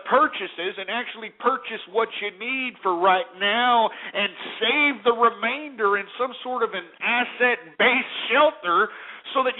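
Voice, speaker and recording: A male talk radio host delivering an abrasive, scornful rant full of restarts. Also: very high-pitched. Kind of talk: ranting talk radio monologue. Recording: narrow phone-like radio audio.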